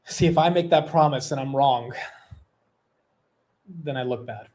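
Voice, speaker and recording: A man's voice: mid-range voice, a little slow, a little mellow. A young man hosting a long livestream, chatting casually, rambling, swearing loosely, and reading out viewer super chats. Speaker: livestream host.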